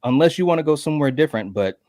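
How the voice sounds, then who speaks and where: A man's voice: fairly high pitch, lively intonation, racing, dark tone, dry recording, studio quality. A man hosting a casual horror podcast, laid-back and chatty, with many fillers and friendly asides. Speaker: podcast host.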